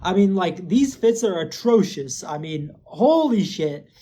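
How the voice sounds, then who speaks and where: A man's voice: sits high, measured pace. Rambling profane young man recapping a show. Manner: rambling, heavy filler words, profane; gets excited and loud when hyping. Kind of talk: casual episode recap.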